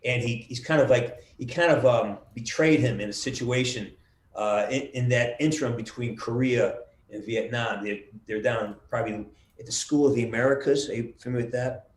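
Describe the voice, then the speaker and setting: Middle-aged man, video call guest, animated storyteller, roomy echoey sound. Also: medium pitch, normal speed, slight background noise. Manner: animated storyteller, acts out quotes with swearing. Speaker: voice actor guest. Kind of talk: casual video call interview.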